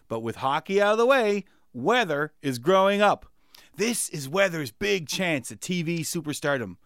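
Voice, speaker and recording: A man's voice: fairly high pitch, no room sound, studio quality. A man performing comic sketches and a satirical monologue, sarcastic and exasperated. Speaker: comedy performer.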